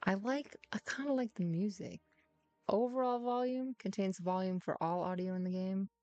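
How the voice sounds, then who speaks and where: A woman's voice: mid-range voice, normal speed, darkish tone, clear, resonant tone, dry recording, dull audio, soft background music. A woman chatting casually through her gameplay, teasing and muttering to herself as she plays. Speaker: gaming streamer.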